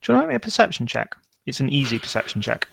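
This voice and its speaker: A man narrating a tabletop game as game master, unhurried and often searching for words. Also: medium pitch, very animated, vocal fry, a bit bright, slightly rough, no room sound.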